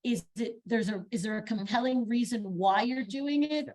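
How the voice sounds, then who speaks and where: A woman's voice: a little high, moderate pace, a little mellow. A woman on a workshop panel giving emphatic, encouraging audition advice in long building sentences.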